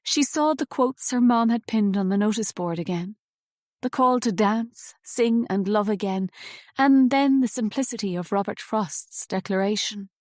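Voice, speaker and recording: A woman reading a novel aloud as an audiobook narrator, in a measured, even storytelling manner on a close studio mic. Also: mid-range voice, no echo.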